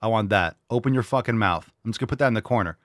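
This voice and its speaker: A man's voice: lowish voice, rapid-fire, a bit bright, no echo, studio quality. A man hosting a casual reaction show, talking bluntly and sarcastically with plenty of swearing. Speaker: show host.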